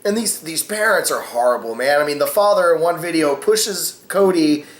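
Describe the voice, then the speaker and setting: A man's voice: on the high side, lively intonation, normal speed, echoey room. A man hosting a casual opinion vlog, rambling with many fillers and cussing freely. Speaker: vlogger host.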